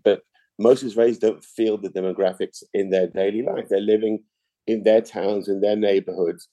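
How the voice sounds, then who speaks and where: A middle-aged man answering interview questions in a measured, explanatory way, often restarting his sentences. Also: on the low side, mellow, no echo. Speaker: interview guest, political analyst.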